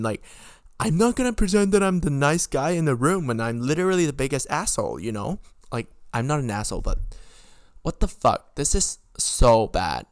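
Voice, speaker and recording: Young male podcast host, storytime rant, profane and worked up, smooth voice, mid pitch. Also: no room sound, studio quality. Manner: animated, swearing, frequent pitch jumps when indignant. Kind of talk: storytime monologue.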